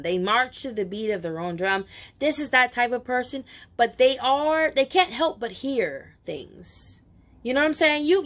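A woman's voice: fairly high pitch, fairly bright tone. A woman giving a casual spoken tarot reading, emotional and chatty, with many asides and some casual swearing. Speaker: tarot reader.

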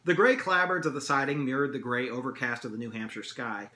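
A man, an English teacher, reading his own novel aloud in steady storytelling narration. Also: mid-range voice, a little fast, a little hiss or hum. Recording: echoey room.

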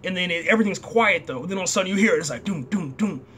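Animated high-voiced man recapping a show. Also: racing, a little hiss or hum. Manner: animated, slangy, acts out characters' lines. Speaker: show reviewer. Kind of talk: casual episode recap.

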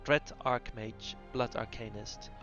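Slow, hesitant man with muffled sound. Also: mid-range voice, steady tone, fairly bright tone. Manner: hesitant, many fillers, unhurried explanation. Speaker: game guide creator. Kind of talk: gameplay class guide voice-over. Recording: dull lo-fi audio with faint music.

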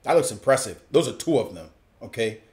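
A man's voice: medium pitch, expressive, a little fast, a little mellow. A man analyzing a chess game in a playful, slangy way, laughing often as he goes. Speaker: chess commentator.

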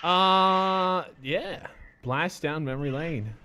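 A man's voice: a little high, slow pace, sharp tone, a little hiss or hum. A man streaming a game, chatting loosely and joking with friends. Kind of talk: casual game stream commentary.

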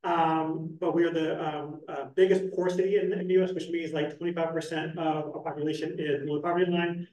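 A man with a slightly high voice giving a panel presentation in a roomy, echoing hall. He stands a little away from the microphone, so he sounds distant. He talks quickly with plenty of ums and restarts. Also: flat delivery, a little mellow, highs cut off. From Philadelphia. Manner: fast-talking, loose, many fillers. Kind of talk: academic conference talk. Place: conference room with hybrid online audience. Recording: echoey room, speaker away from the mic.

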